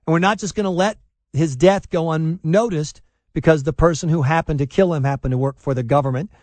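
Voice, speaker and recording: A man hosting a talk radio show, telling stories in an animated, sarcastic way and mocking people in put-on voices. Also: a little high, no echo.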